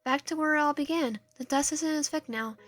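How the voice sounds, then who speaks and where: A woman's voice: high voice, a little fast, a bit bright, soft background music. A woman streamer reading a visual novel aloud, narration and player lines, often stumbling and restarting. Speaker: game streamer.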